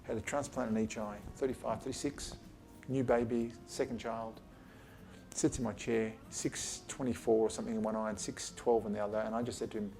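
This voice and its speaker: A gravelly-voiced man lectures colleagues in his office in a loose, chatty way. He is blunt and swears casually, acting out what patients say to him. Faint music sits behind his voice. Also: lowish voice, level tone, fairly quick, mellow. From Australia. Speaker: eye surgeon giving a talk. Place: his office, talking to a small group.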